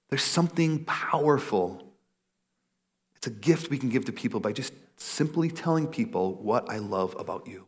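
A man in his thirties preaching a casual, animated sermon, acting out little quotes. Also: vocal fry. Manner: animated, acts out quotes in a high voice. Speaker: pastor.

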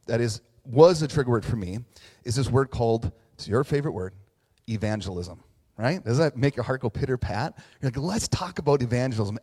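A man's voice: mid-range voice, darkish tone. Chatty pastor man in a reverberant hall. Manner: chatty, self-deprecating, frequent fillers and "right?". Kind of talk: casual conversational sermon.

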